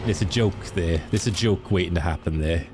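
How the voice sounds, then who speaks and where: A young Welsh man with a deep, low voice keeps up easy, chatty talk with his stream audience, answering viewers by name and laughing easily. A faint background noise sits under his voice. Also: a little fast. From Wales. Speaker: game streamer. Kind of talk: casual live-stream chat.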